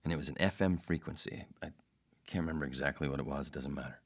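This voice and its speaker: Deep-voiced man, podcast host, swears a lot, rambles through a funny story. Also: fast, slightly rough. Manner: profane, rambling, jokey. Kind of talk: casual storytelling monologue.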